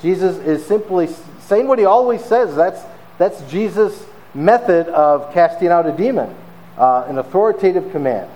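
A man preaching a sermon in a conversational, animated storytelling manner, often pausing with fillers. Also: high-pitched, low-quality recording. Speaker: pastor.

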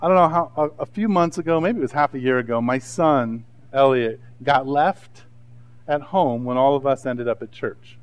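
A man in his thirties preaching a sermon, animated and conversational, acting out asides in different voices. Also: medium pitch, normal speed. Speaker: pastor.

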